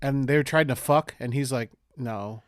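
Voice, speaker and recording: A podcast co-host chats casually as he rambles through a movie recap, swearing and doing silly voices for quoted lines. His voice sits at a medium pitch with fairly even intonation and a normal pace, recorded cleanly in a studio with no echo.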